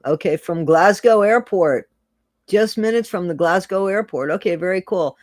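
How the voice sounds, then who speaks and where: Brief: livestream host, casual and chatty, mid pitch, dry close sound, reads comments aloud. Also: normal speed, no room sound. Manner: chatty, rambling, laughs often, repeats phrases. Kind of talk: casual livestream chat reading viewer comments.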